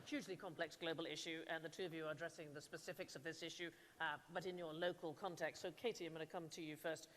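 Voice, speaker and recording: A brisk woman moderator speaks quickly in a slightly low voice. She keeps the panel moving with encouraging questions, and a long echo from the hall trails after her. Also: a bit bright. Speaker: awards ceremony moderator. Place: large event hall.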